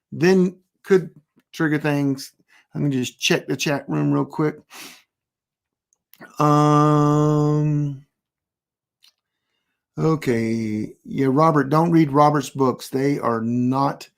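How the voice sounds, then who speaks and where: Laid-back prep-class teacher who rambles and restarts but turns blunt and deadpan on key points. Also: mid-range voice, extremely slow, creaky, long pauses. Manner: rambling, self-interrupting, anecdotal. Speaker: preparedness class instructor. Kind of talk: casual live online class.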